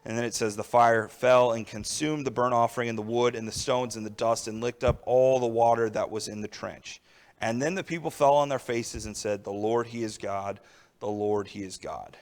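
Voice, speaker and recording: A man's voice: mid-range voice, fairly even intonation, normal speed. A young adult man preaching a sermon in a conversational way, often checking in with his listeners. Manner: conversational preaching with frequent "all right" and "right?".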